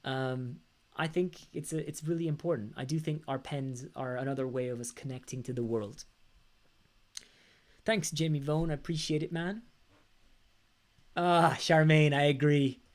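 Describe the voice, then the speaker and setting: Reflective rock singer chatting on a livestream. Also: male voice, fairly high pitch, fairly even intonation, moderate pace, pauses often. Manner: reflective, rambling, with bursts of sung lines. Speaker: lead singer of a rock band, vlogger. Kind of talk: casual livestream chat.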